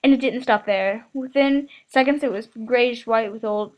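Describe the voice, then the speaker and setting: A woman reading a novel aloud in a halting way, often stumbling and restarting words. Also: fairly high pitch, dull audio. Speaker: reader.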